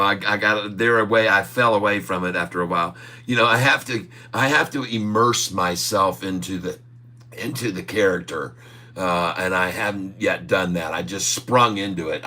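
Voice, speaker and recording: A man's voice: low-pitched, pushed and bright. A man hosting a casual day-trading livestream, joking, rambling and laughing often.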